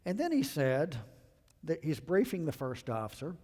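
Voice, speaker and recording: A man's voice: big pitch swings, moderate pace, warm tone. A middle-aged man from the American South giving an earnest, emphatic safety lecture to pilots, acting out quoted remarks. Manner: earnest, emphatic, acts out quotes with rising pitch. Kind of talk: presentation lecture. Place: university lecture hall. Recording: long hall reverb.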